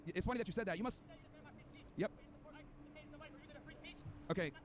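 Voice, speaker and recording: In a heated debate clip, a podcast host whose voice sits high speaks at a moderate pace. He argues combatively and lectures, throwing insults at his opponent.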